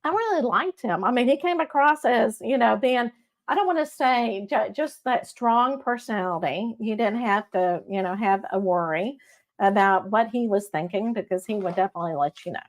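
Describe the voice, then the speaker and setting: A middle-aged woman with a Texas accent, a medium hosting a casual live-stream reading. She talks in a chatty, warm-hearted way and often checks in with "okay?". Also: on the high side, expressive, moderate pace. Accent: Texan. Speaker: psychic medium host.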